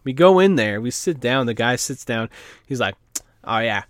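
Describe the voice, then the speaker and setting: A man's voice: mid-range voice, lively intonation, moderate pace, no echo. A man casually telling a story, rambling with lots of fillers and swearing. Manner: rambling, filler-heavy, profane.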